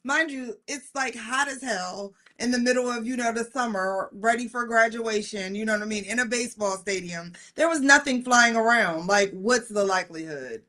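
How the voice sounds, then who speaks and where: A middle-aged woman telling a personal story in casual chat, animated and excitable. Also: a little high, normal speed, few pauses.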